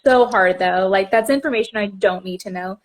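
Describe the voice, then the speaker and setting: A woman's voice: medium pitch, fairly quick. A young woman in her twenties hosting a casual video chat, telling stories in a chatty way. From Texas, USA. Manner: chatty, storytelling with quoted voices and laughs. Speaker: podcast host. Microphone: video call.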